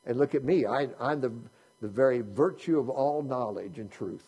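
A man delivers a sermon in a relaxed, conversational style, posing question after question to his listeners. His voice is warm and dark with a husky edge. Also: mid-range voice, normal speed. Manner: conversational preaching with rhetorical questions. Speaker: pastor.

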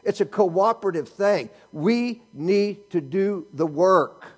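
Preacher guy, kinda husky, high voice bouncing all over, joking with the congregation. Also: slow. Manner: animated preaching, rhetorical questions, teasing humor. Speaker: pastor. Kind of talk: sermon.

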